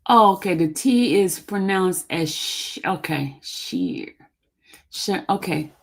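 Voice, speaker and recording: Slow, gravelly-voiced woman streamer. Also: lowish voice, animated. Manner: stumbles over legal words and asks the chat for help; chatty and informal between read passages. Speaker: channel host. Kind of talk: live-stream commentary reading a court document aloud.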